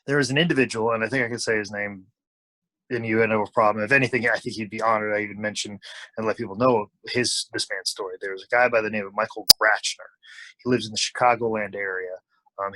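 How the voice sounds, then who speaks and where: A medium-pitched man tells a long, casual story as a guest in an interview, performing the lines of the people he quotes with animation. The audio is dry and roughly recorded.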